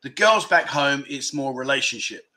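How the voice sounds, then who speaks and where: A man's voice: mid-range voice, expressive, normal speed, bright, forceful tone. A man from England hosting a casual livestream, chatting and reading out viewer comments in a rambling, self-deprecating way. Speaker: livestream host. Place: indoors at home.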